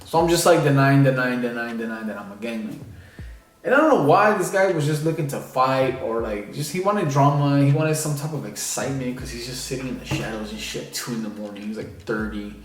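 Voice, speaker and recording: A man's voice: medium pitch, animated, fairly quick. A young man telling a personal story in a casual, rambling way, with many fillers. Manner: rambling, filler-heavy, lots of "like" and "you know". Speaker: vlogger. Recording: echoey room, distant mic.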